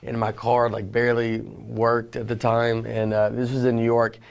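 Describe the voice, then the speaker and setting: A man doing a stand-up comedy set, telling rambling stories in a deadpan, understated way, full of fillers. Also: mid-range voice, moderate pace, gravelly. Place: large theater stage with a live audience. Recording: reverberant hall with audience noise.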